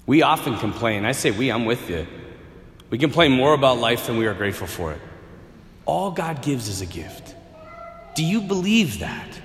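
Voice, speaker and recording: A man preaching a sermon in an animated, earnest way, with touches of wry humor. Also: mid-range voice, moderate pace. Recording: echoey hall with long reverb.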